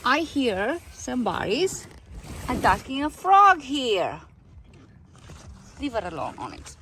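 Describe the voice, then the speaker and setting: A woman's voice: high voice, big pitch swings, slow, pushed and bright, a little hiss or hum. A woman vlogging in her garden, coaxing and scolding her cats in casual chat. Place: garden outdoors.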